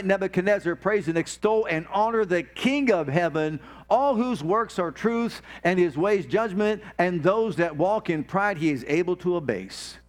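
A male pastor preaching a sermon, reading scripture and calling on the congregation to respond, moving between loud fervor and hushed prayer. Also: high voice.

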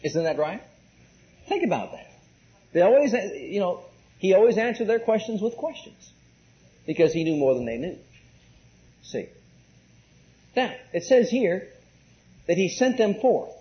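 A man's voice: high voice, big pitch swings, unhurried, long pauses. A man preaching an emphatic sermon, asking the congregation questions and repeating key words. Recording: muffled lo-fi recording.

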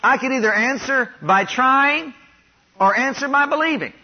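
A man from Ohio preaching a sermon, having the congregation repeat declarations after him and rising louder on each one. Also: very high-pitched, normal speed, slightly rough. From Ohio, USA. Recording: dull lo-fi sound.

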